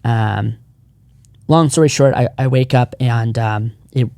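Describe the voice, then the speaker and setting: A man's voice: medium pitch, slow pace, creaky, a little mellow, clear, resonant tone, no echo, studio quality. A man in his thirties, a podcast co-founder, telling his personal story in casual chat, earnest and rambling with frequent restarts.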